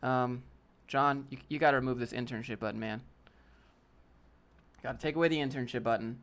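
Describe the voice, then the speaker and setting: His voice is medium in pitch, fairly bright, and steady, and he talks fairly quickly. This man hosts a casual live Q&A stream from a desk with a DSLR camera, responding bluntly to chat and reviewing a viewer's portfolio in slang like "fam" and "dude."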